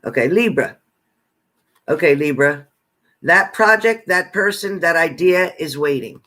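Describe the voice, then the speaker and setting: Guy w a kinda high voice doing a psychic zodiac reading, bossy and sweary, says everything twice. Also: expressive, normal speed, sharp tone. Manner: profane, repetitive, bossy tough-love commands. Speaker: psychic card reader. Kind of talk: blunt zodiac message reading.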